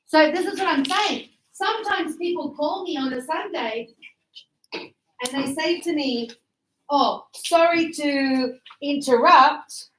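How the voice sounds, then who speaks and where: The audio is poor as a woman with a high voice, speaking a little slowly, teaches English grammar in a Sydney classroom. She chats loosely, repeats words, and tells stories from her life.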